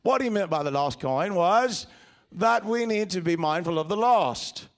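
A man voicing a prim, proper male disciple in a put-on English accent, gently chiding. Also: high voice, lively intonation, a little slow, pitched above the performer's own voice.

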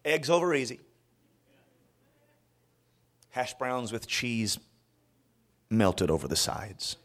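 A man's voice: mid-range voice, measured pace. A man from Florida preaching a sermon as a guest preacher, telling stories with lots of restarts. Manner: animated storytelling with frequent restarts.

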